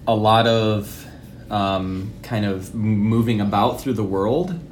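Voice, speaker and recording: A man's voice: lowish voice, slow, slight background noise. A man talking as a podcast guest, reflective and motivational, with frequent ums and kind-ofs. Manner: reflective, motivational, many fillers. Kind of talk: casual podcast interview.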